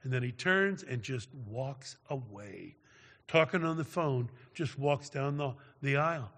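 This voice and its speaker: Slow, bright-voiced preacher in a big hall. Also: male voice, medium pitch, lively intonation. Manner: dramatic storyteller, tags lines with "all right?". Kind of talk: sermon storytelling. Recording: long reverb of a large hall.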